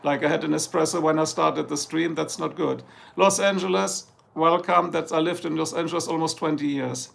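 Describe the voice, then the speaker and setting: A man's voice: fairly high pitch, fairly even intonation, normal speed, vocal fry, a bit bright. A man from Germany with a German accent, chatting casually on a livestream and greeting viewers. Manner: switches between German and English, reads out viewer locations. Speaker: livestream host. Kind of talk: casual live chat with viewers.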